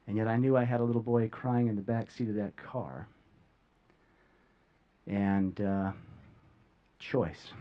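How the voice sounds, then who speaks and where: A man giving an emotional talk to a live audience, earnest and heartfelt, often halting with repeated words and long pauses. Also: mid-range voice, highs cut off. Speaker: speaker sharing a near-death experience. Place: stage before a live audience.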